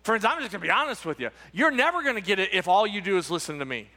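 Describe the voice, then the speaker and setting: A man's voice: high-pitched, animated, very fast, bright, forceful tone. A male pastor giving an Easter sermon with emphatic preaching, repeating words and tossing rhetorical asides to the congregation. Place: church sanctuary. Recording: reverberant church sanctuary.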